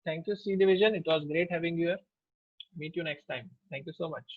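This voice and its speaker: Indian instructor, slightly high, dull call audio. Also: male voice, fairly quick, no room sound. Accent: Indian English. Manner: takes attendance name by name, with fillers. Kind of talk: online class, mixing Hindi and English.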